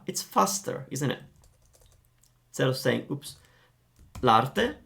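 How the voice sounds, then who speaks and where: A man teaching Italian grammar, explaining in a lively, playful way. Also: mid-range voice, measured pace, gravelly, pauses often.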